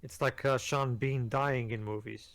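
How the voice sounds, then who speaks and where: A man's voice: medium pitch, fairly even intonation, unhurried, a bit bright, no room sound, low-quality recording. A man making wry, sarcastic remarks during a casual group movie commentary. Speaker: commentary co-host.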